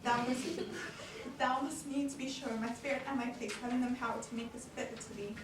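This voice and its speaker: A woman playing an angry, proud old male senator in an amateur Shakespeare reading, shouting indignant commands, with audience laughter in an echoey room. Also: a little high, fairly even intonation, brisk, recorded from a distance, noisy background, natural voice.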